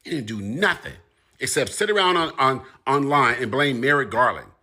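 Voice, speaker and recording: An animated male commentator with a mid-range voice and moderate pace talks straight to camera with real passion. He leans on repetition and steadily rising emphasis to press his points.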